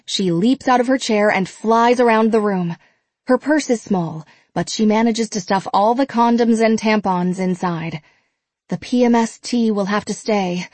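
A woman narrating an audiobook in an even, measured way, with a mid-range voice. The sound is close and dry with no room around it. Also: mid-range voice, no room sound.

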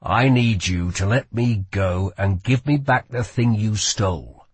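A man's voice: lowish voice, unhurried, slightly rough, no room sound. A man voicing a young male magician in an audiobook, matter-of-fact and urgent. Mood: earnest. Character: bound young male magician, earnest and strained. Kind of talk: audiobook character voice.

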